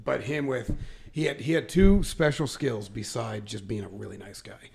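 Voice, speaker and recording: A man hosting a podcast, telling stories in a casual, animated way with lots of laughing. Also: medium pitch, moderate pace, vocal fry, heavy background noise. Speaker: podcast host. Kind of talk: casual storytelling chat.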